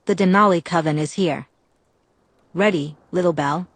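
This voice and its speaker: A flirtatious, protective vampire woman, read by a female narrator, playful and teasing in tone. The voice is low and dry. It is a fan audiobook reading. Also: moderate pace, no echo.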